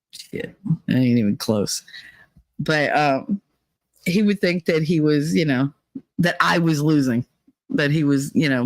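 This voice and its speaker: A woman's voice: sits low, no echo. A woman chatting casually on a livestream, swearing freely as she tells stories and answers chat. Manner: profane, storytelling, mimics others in quotes. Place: away from home, traveling.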